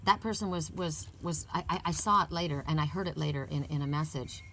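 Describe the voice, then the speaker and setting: A woman with a fairly low voice leads a relaxed oracle card reading. She chats in an upbeat way and stresses each affirmation as she recites it. A faint ambient hiss sits behind her. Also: fairly quick. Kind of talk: casual spiritual card reading.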